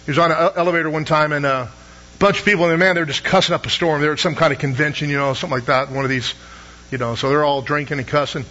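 A man's voice: fairly high pitch, fairly even intonation, fast, bright, forceful tone, lo-fi sound. A middle-aged man preaching a sermon in a conversational, storytelling way, asking the audience rhetorical questions.

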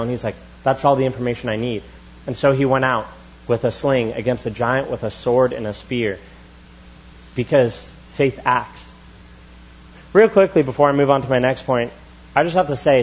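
A young man preaching a sermon in a church, in a relaxed, chatty style with quick asides. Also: mid-range voice, breathy edge, lo-fi sound. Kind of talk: casual conversational sermon. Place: church sanctuary.

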